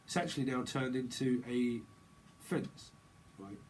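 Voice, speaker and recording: A man's voice: mid-range voice, measured pace, darkish tone, a little hiss or hum, low-quality recording. A man giving a casual, rambling tarot reading, joking and laughing often. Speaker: tarot reader.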